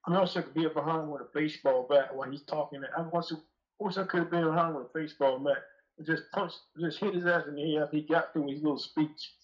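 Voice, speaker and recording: A man calls into a show and tells a long, rambling, profane story with an aggrieved edge. His voice sits a little high for a man. The call audio is dull and lo-fi. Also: steady tone, fast talker. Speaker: call-in guest. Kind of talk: casual storytelling. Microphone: phone call.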